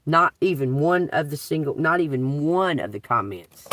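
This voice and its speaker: A woman with a Southern US accent, a tarot reader talking straight to her viewers, blunt and profane, swinging between a slow drawl and heated outbursts. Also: low voice, lively intonation, fairly bright tone, a little hiss or hum. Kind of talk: unscripted video rant to viewers.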